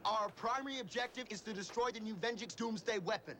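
A commanding officer, brisk and high-voiced, briefing the troops. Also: male voice, sharp tone.

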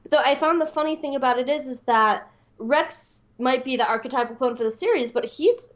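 A woman's voice: sits high, brisk, muffled recording. A woman hosting casual commentary, chatty and full of fillers, reading quotes aloud.

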